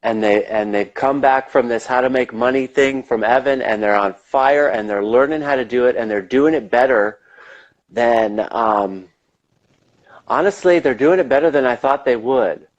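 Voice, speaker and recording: A man's voice: medium pitch, moderate pace. Rambling, enthusiastic man, muffled audio. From United States. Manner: rambling, enthusiastic, casual swearing. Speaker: interview guest. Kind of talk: casual interview.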